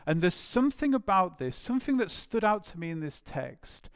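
A man's voice: high-pitched, sing-song, normal speed, no room sound, clean studio sound. A man preaching a sermon in an earnest way, repeating key phrases for emphasis.

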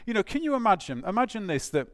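A man preaching a sermon, animated and emphatic, with rhetorical questions and restarts. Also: sits high, fast talker, no echo, studio quality.

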